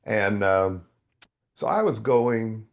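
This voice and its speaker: An older man, a podcast guest, telling a faith testimony as an animated storyteller whose voice leaps up when excited. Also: fairly low pitch, slow.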